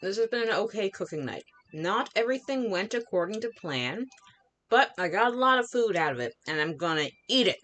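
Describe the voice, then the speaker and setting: A woman's voice: medium pitch, brisk, soft background music. A woman hosting a live cooking stream, chatting casually while she eats. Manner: relaxed, talking while eating. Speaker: livestream host.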